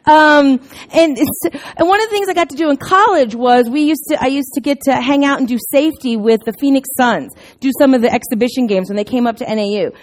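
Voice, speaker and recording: A middle-aged woman giving a casual sermon, telling stories in a chatty, self-deprecating way with sudden loud bursts. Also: high-pitched, fast. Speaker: preacher.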